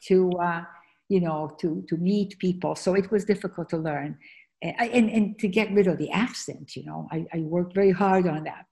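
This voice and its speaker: A woman's voice: mid-range voice, gravelly, dark tone. A woman whose first language is French, from Argentina, telling her story earnestly as an author being interviewed, with frequent fillers. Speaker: author and guest. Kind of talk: conversational interview.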